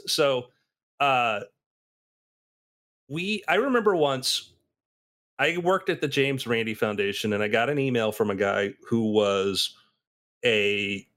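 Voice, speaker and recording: A man in casual conversation who tells stories with energy and acts out the people he quotes, jumping high and low in pitch. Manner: animated storyteller, acts out quotes with big pitch swings.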